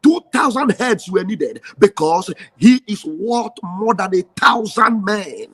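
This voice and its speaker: A man's voice: sits high, expressive, takes it slowly, fairly bright tone, husky. A Nigerian man giving an impassioned rallying speech, fiery and emphatic, repeating his key phrases. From southeastern Nigeria. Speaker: activist.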